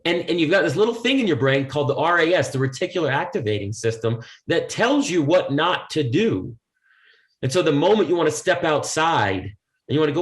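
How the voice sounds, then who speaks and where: A man's voice: fairly high pitch, lively intonation, brisk, roomy sound. A man who is a motivational speaker talking in a podcast interview, pressing home his points with repeated rhetorical questions. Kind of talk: emphatic podcast conversation.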